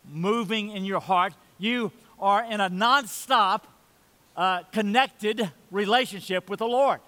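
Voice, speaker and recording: Male pastor with a high voice, mid-sermon, swinging between loud and soft, long reverb from the church hall.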